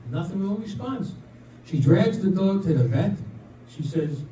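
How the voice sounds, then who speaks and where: A man's voice: sits high, lively intonation, moderate pace, dark tone, a little hiss or hum. Older man telling jokes in an echoey room. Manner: chatty, punchline-driven, laughs at his own jokes. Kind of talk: stand-up joke telling. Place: community room at a senior residence. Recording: echoey room, mic at a distance.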